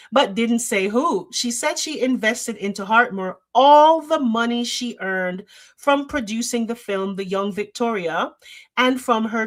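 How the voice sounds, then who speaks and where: A woman hosting a livestream, chatting straight to her viewers and reading news articles aloud, with plenty of fillers, into a desk microphone. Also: fairly high pitch. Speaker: show host. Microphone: desk microphone with a loose cable.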